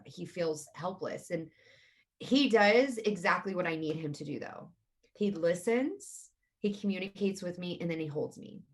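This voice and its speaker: A woman's voice: fairly low pitch, lively intonation, unhurried. A woman, speaking openly and earnestly as an interview guest. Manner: open and earnest, talks about feelings frankly. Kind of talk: candid conversational interview.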